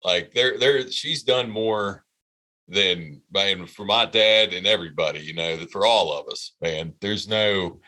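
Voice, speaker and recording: Podcast co-host, male, 30s: low and forceful voice, rambling profane storytelling. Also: a little slow. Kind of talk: casual storytelling chat.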